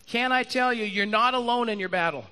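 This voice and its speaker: A man preaching a sermon to a room and an online audience, animated, acting out Bible characters and repeating lines for emphasis. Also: very high-pitched, brisk, clean tone. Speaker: pastor. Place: church hall with live audience and online stream.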